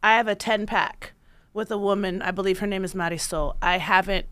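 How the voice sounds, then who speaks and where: A woman's voice: mid-range voice, a little fast, smooth, no room sound. A woman from Baltimore hosting a podcast, chatting casually, telling stories with frequent laughter. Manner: laughs often, animated storytelling. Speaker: podcast host. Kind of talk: casual chat.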